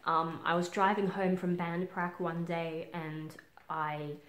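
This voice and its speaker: Frank, halting Australian woman, roomy echo. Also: on the low side, flat delivery, a bit bright, a little hiss or hum. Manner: halting and frank, many ums, casual swearing. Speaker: vlogger. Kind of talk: candid personal vlog.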